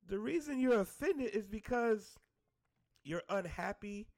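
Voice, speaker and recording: A man's voice: high voice, expressive, unhurried, a little mellow. A man delivering a blunt, exasperated, profane rant straight to his audience. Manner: blunt, exasperated, heavy swearing.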